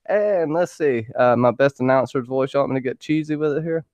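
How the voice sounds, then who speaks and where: A man hosts a casual livestream chat, lively and joking as he shouts out viewers by name. His voice is dry and close, with no room around it. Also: mid-range voice, fairly quick, dry recording. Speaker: podcast host greeting chat.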